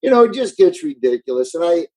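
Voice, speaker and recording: Mellow man ranting emphatically. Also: fairly high pitch, big pitch swings, quick pace, poor audio. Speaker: comedian guest. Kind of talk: casual chat. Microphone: remote call.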